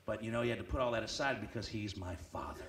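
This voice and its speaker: A man emceeing a live event, telling a comic story with loud animated bursts and hushed deadpan asides. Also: lowish voice, fast. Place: banquet hall at a club event. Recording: echoey hall, distant mic.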